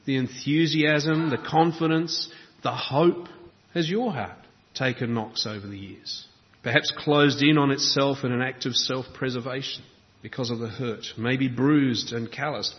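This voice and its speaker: A man's voice: medium pitch, fairly even intonation, measured pace, long reverb tail, muffled recording. A man preaching a sermon, building rhythmic lists and asking reflective questions.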